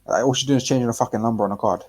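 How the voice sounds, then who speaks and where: A man co-hosting a casual podcast chat, rambling and animated, swearing freely and restarting his sentences often. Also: medium pitch, very fast, husky. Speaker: podcast co-host.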